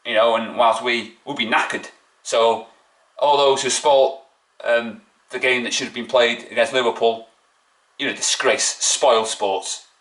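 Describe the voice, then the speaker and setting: A man's voice: medium pitch, fairly bright tone, reverberant. A man, a football fan vlogger ranting after a match, mocking and indignant, full of rhetorical questions. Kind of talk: opinionated fan rant.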